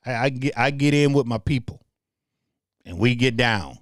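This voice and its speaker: A man's voice: mid-range voice, lively intonation, normal speed, no echo. Passionate Southern man with a dry sound. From Memphis, Tennessee. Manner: passionate, repeats words, speaks to the audience directly. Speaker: host. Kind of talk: livestream commentary.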